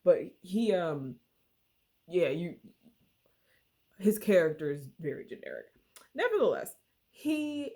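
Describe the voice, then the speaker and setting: A woman's voice: lowish voice, very animated, slow pace, pauses often, warm tone. A woman casually retelling a book's plot in a slangy, chatty way full of fillers. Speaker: book reviewer. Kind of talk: casual book recap.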